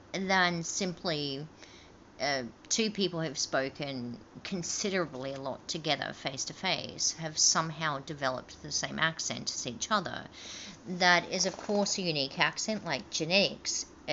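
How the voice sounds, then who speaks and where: A woman's voice: low-pitched, pushed and bright, dull audio, a little hiss or hum. A woman talking in a rambling monologue, filling her sentences with ums and likes and acting out both sides of past conversations. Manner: rambling, meandering with many fillers. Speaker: vlogger.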